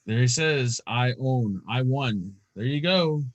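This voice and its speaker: A man's voice: mid-range voice, expressive, slow pace. Playful joking male co-host. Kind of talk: casual live-stream banter.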